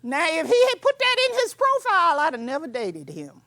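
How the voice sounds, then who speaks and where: An older woman giving a lecture in a preacherly, emphatic manner, with colloquial asides and bursts of shouting. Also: extremely high pitch, wildly swooping pitch, brisk, dry recording. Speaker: speaker.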